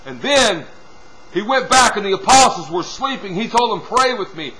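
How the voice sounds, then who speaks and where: A man preaching a sermon, dropping from loud appeals to hushed, quiet passages and punctuating with "see?" and "hallelujah". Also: sits high, big pitch swings, normal speed, background noise. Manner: swings from loud exhortation to hushed near-whispers.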